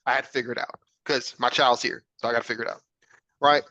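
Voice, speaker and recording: A man, an adult father hosting a podcast, earnestly and reflectively tells a personal story, often checking in with "right?". His medium-pitched voice is steady yet sharp in tone and quick-paced, in a muffled recording without echo.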